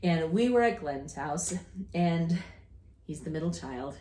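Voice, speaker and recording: A woman's voice: sits low, expressive, unhurried, mellow. A woman in her fifties, co-hosting a casual chat, telling rambling family stories with restarts and laughter. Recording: echoey room.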